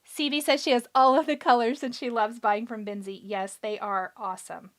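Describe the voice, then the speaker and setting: High-voiced chatty woman hosting a craft livestream. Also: steady tone, normal speed. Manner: chatty, encouraging, thinks aloud while working. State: a bit hoarse. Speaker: craft show host. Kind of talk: live craft tutorial, reading chat comments.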